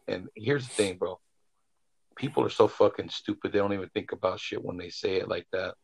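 A man's voice: deep voice, fairly quick, creaky, highs cut off. A man telling old neighborhood stories in a loose, profane way, full of slang and swearing. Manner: profane, animated, heavy slang. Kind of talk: casual storytelling.

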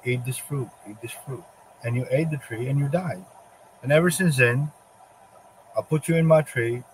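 A man's voice: medium pitch, moderate pace, a little hiss or hum, close to an everyday voice, poor audio. A man voicing Satan as a gloating, boastful male devil in a spoken religious monologue, taunting and self-satisfied.

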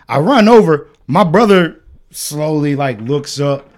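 A man co-hosting a podcast, telling stories loudly with lots of swearing and laughter. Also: a little high, animated, unhurried. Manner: loud, profane storytelling with laughter. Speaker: podcast co-host. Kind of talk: casual chat.

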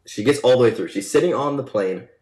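A man's voice: medium pitch, quick pace, a little mellow, low-quality recording. A young man co-hosting a podcast, casually telling a long rambling joke and laughing along with it. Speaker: podcast co-host.

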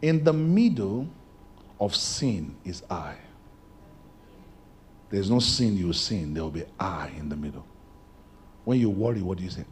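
A male pastor, preaching a sermon and moving between shouted lines and hushed ones. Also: low-pitched, expressive, a little slow, pauses often, slight background noise. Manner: preaching with big swings from shouts to near-whispers.

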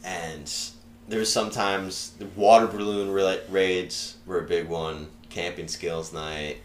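A man's voice: deep voice, steady tone, a little slow. A young man in his twenties, a podcast guest, casually telling rambling stories, swearing freely and laughing as he goes. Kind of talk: casual storytelling.

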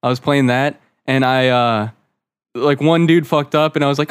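A man's voice: mid-range voice, steady tone, clean tone, no echo. A man in casual podcast chat who laughs easily and tells a gaming story. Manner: quick to laugh, agreeable backchannels.

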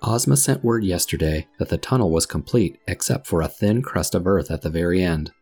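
Somber storybook tin man, low husky voice, grave and mournful, read by a man. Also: fairly quick, darkish tone, soft background music. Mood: gloomy. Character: gloomy male tin man, solemn and sad.

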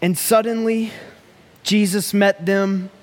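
A male preacher delivers a sermon in a slow, deliberate cadence, leaning into long pauses. His voice sits a little high for a man, and his tone is earnest and pleading. The sound rings with the long reverb of a large hall. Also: steady tone.

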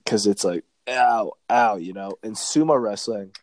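A man's voice: lowish voice, a little slow, a little mellow, no room sound. A young man chatting casually as a podcast co-host, rambling and swearing constantly. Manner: crude, profane, rambling. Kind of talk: casual chat.

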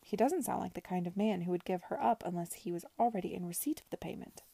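A woman's voice: on the low side, quick pace, creaky, dark tone, husky, no room sound. A woman reading aloud and voicing an earnest, anxious young woman in an urgent, pleading tone.

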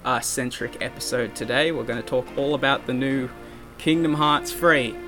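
A man's voice: mid-range voice, fairly even intonation, normal speed, over music. A man hosting a casual podcast chat, joking and stumbling through fillers and restarts. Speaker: podcast host.

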